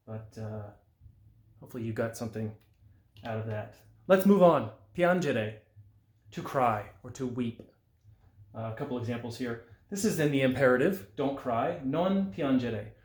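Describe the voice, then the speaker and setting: A man giving a patient language lesson, slowing down to sound out example phrases. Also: mid-range voice, darkish tone. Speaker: Italian language teacher. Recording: roomy echo.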